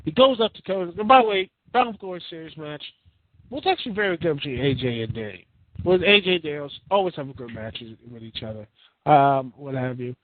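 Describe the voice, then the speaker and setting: A man's voice: fairly high pitch, animated, fairly quick, no room sound. A man giving a casual, rambling rant as a wrestling reviewer, incredulous and full of restarts. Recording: tinny phone-like sound.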